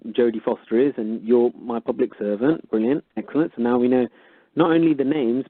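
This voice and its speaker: A man's voice: medium pitch, no echo. Chatty man on tinny radio line. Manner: chatty, explains with made-up examples. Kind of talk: casual radio talk, explaining. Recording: dry, narrow phone-like radio audio.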